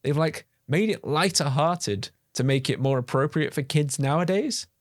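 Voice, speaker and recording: A man's voice: fairly high pitch, moderate pace, dry recording, studio quality. A man co-hosting a podcast, chatting casually with a playful, laughing manner. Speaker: podcast co-host. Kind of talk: casual comedic chat.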